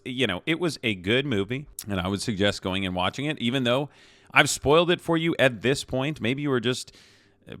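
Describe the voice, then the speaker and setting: A man recaps a film in a relaxed, meandering review, doubling back on his words and checking in with the listener as he goes. His voice sits a little low but comes across bright and forceful, with a clean, crisp tone. The sound is very dry, with no room echo. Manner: rambling, chatty, many fillers and restarts, tags lines with "okay?". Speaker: movie reviewer. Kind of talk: casual spoiler-filled movie review.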